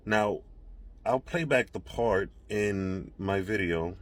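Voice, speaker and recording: A man's voice: lowish voice, takes it slowly. A man telling a story into his own camera at home, rattled and rambling, with many restarts. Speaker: social media creator. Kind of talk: casual self-recorded video.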